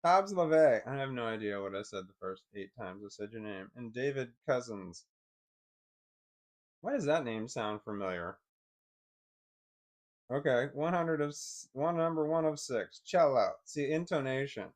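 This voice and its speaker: A man's voice: mid-range voice, lively intonation, a little slow. A man rambling and swearing as he fumbles with zooming a picture on his computer, thinking aloud to viewers. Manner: rambling, swears often, frustrated muttering. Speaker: vlogger. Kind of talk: casual screen-share commentary.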